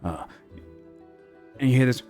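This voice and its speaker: A man's voice: unhurried, a little mellow, soft background music. A man running a tabletop game as game master, narrating casually with lots of fillers.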